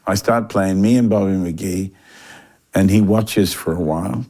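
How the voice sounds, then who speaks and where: An older man with a fairly low voice recounts a story in a casual interview. He talks animatedly, stumbling and restarting as he goes, filling the gaps with "uh" and "um". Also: a little slow. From Australia. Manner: animated anecdotal delivery with frequent fillers and restarts. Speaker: interview guest.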